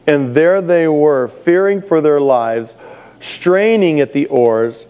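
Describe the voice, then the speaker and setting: A man's voice: a little high, expressive, slow, mellow, smooth. A middle-aged man preaching a sermon, telling stories with humor and laughing at his own jokes. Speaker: pastor.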